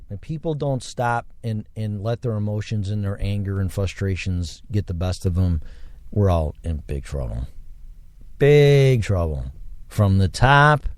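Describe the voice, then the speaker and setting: Speaking alone on his podcast, a male host with a lowish, clean-toned voice wanders through a reflective, casual monologue that carries religious touches. The recording is dry.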